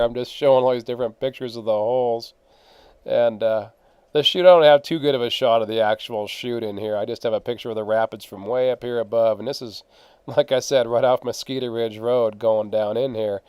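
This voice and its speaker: A man's voice: medium pitch, mellow, smooth, no room sound. A man casually narrating his own gold prospecting photos, rambling with fillers and laughs. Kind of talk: casual storytelling.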